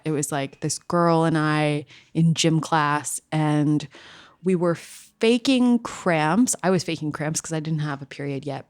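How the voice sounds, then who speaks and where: Low-voiced woman telling a candid story. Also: no room sound. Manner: candid, self-deprecating, profane, full of filler words. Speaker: podcast host. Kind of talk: casual storytelling.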